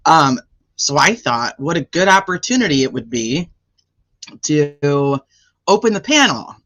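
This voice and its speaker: A man's voice: a little high, sing-song, unhurried, fairly bright tone, no echo. A man hosting a casual livestream and chatting with viewers, with a sore throat. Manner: chatty, greets viewers by name. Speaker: livestream host.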